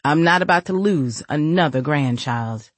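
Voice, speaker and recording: A woman's voice: low voice, animated, normal speed, no room sound. A woman voicing a stern, protective older grandmother who speaks in firm warnings.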